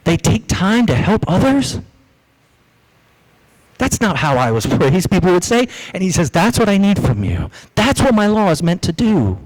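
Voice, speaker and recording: A man preaching a sermon as pastor, lively, acting out the voices he quotes. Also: sits high, normal speed, rough recording. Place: church.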